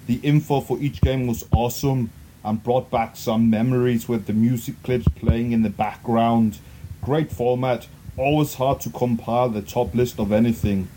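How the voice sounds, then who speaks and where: A man putting on a gruff Austrian action-hero voice to read a listener review aloud on a podcast. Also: dark tone, a little hiss or hum, close to an everyday voice, poor audio. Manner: low heavy Austrian-style delivery.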